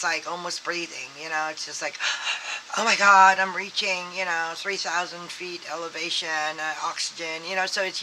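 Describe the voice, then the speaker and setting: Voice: mid-range voice, bright, forceful tone, a little hiss or hum, low-quality recording. A tarot reader giving a casual, rambling reading full of fillers and acted-out quotes. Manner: rambling and filler-heavy, acts out quoted thoughts.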